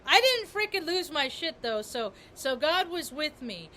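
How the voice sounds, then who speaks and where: A woman's voice: high voice, sing-song, unhurried, bright, forceful tone, slight background noise. A woman vlogger talking in a rambling spiritual monologue, repeating and restarting her words with emphasis.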